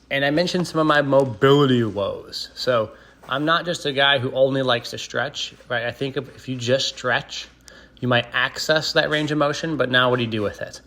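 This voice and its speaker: A man giving a calm, steady voice-over of his training, explaining each exercise and urging care. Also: mid-range voice. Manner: steady, explanatory, cautious coaching tone. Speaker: fitness vlogger. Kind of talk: voice-over workout breakdown.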